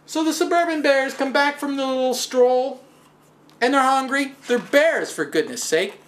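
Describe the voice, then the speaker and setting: A man hosting a stand-up style physics talk, telling stories with wry, animated asides and self-deprecating humor. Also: extremely high pitch, moderate pace. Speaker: host.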